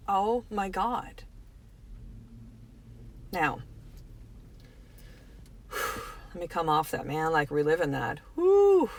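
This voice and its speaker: A woman's voice: mid-range voice, fairly bright tone. A middle-aged woman from Canada hosts a motivational podcast. She talks frankly and with emphasis, swears freely, and speaks straight to her listeners. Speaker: podcast host.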